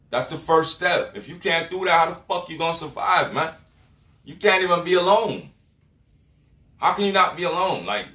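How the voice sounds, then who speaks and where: A motivational vlogger with a medium-pitched, somewhat bright voice delivers a blunt rant packed with swearing and street slang, lecturing the listener directly. The room is echoey.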